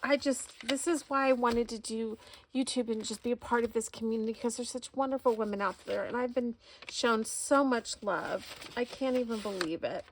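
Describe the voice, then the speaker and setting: A woman's voice: fairly high pitch, moderate pace, a little hiss or hum. A woman unboxing gifts at home in a casual vlog, effusive and full of exclamations. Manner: gushing, effusive, many exclamations. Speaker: crafting vlogger. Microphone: camera recording.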